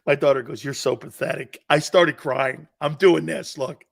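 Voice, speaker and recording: A middle-aged man hosting a sports talk show, telling a family story with loud laughs and acted-out quotes. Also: fairly high pitch, normal speed, gravelly. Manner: excitable, laughs loudly, acts out quotes.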